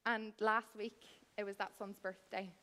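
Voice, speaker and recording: A woman's voice: mid-range voice, level tone, a little slow, a bit bright. A woman in her thirties, telling a comic, wry story on stage as a cabaret performer and speaking straight to the audience. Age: 30s. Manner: chatty, wry, addresses the audience directly. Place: theatre stage.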